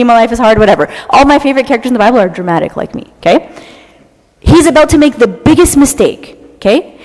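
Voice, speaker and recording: A young woman giving an animated, dramatic talk to a church audience, often tagging her lines with "okay?". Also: high-pitched. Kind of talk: lively talk to a live audience. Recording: long hall reverb.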